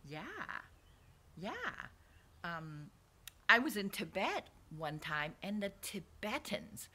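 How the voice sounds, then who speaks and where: A woman's voice: fairly low pitch, lively intonation, slow, bright, forceful tone. A woman chatting in a rambling, digressive way about her swap meet stall, often trailing off into near-whispers. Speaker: artist vlogger. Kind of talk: rambling casual monologue.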